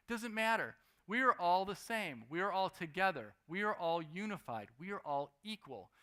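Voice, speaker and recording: A young man preaching a sermon, lively, swinging between loud emphasis and quiet asides. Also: high-pitched, normal speed, hardly any pauses.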